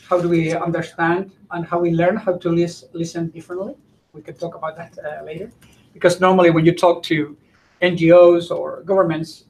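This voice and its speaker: A man giving a conference presentation, often pausing to search for his words. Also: a little high, darkish tone, rough recording. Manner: halting, searching for words mid-sentence.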